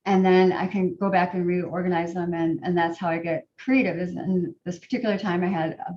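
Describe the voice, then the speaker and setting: A middle-aged woman telling a personal story to a group, in a halting way with many fillers and restarts. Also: fairly low pitch, fairly even intonation. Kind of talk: personal testimony talk. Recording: roomy, distant, dull sound.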